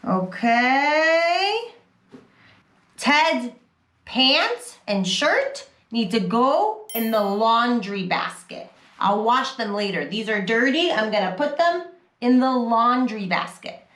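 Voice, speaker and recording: A woman teaching toddlers in a gentle, encouraging voice, talking slowly and repetitively in a sing-song way. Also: fairly high pitch, sing-song. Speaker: early childhood educator. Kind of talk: toddler teaching video narration.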